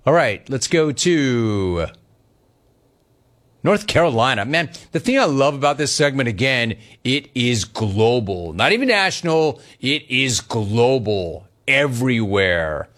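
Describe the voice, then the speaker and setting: A man hosting a sports talk radio show, animated and wisecracking as he takes calls and tells stories. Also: mid-range voice. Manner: animated, wisecracking, quick to mock.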